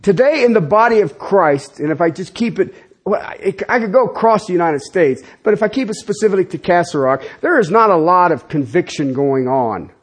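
Man, 50s, pastor, sermon, conversational asides, high voice, husky. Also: a little fast. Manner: animated, conversational preaching with asides and laughs.

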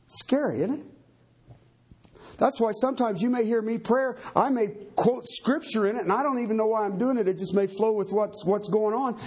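A male pastor preaching a sermon in an emphatic, animated way, firing rhetorical questions at his church. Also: high voice, slightly rough.

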